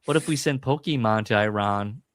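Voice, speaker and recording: A man's voice: fairly quick, no room sound, clean studio sound. A man co-hosting a podcast in casual comedic chat, joking around and trying impressions. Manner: jokey, tries impressions, lively pitch swings. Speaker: podcast co-host.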